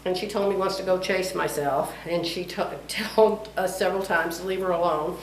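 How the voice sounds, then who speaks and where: A woman's voice: on the low side, normal speed, slight background noise. A middle-aged woman, chatting casually in her home vlog and laughing often. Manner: chatty, laughing often, animated when quoting others. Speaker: vlogger. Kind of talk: casual chat. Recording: roomy, from a distance.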